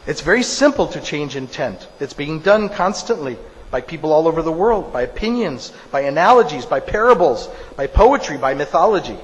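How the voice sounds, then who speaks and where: A man's voice: a little high, sing-song, normal speed, muffled recording. Emphatic male preacher in a reverberant hall. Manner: emphatic, storytelling, repeats phrases for stress. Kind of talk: sermon.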